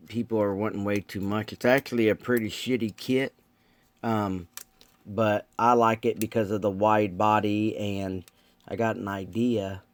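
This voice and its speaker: A man's voice: on the low side, clean tone, dry recording. A man chatting casually with viewers while building model cars, rambling and laid-back with lots of ums. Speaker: model car builder streaming live. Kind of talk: casual live-stream chat.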